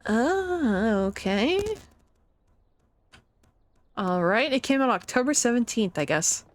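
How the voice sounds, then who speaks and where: A young woman streaming a game, chatting casually, giggling and thinking out loud. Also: fairly high pitch, big pitch swings, slow. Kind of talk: casual let's-play commentary.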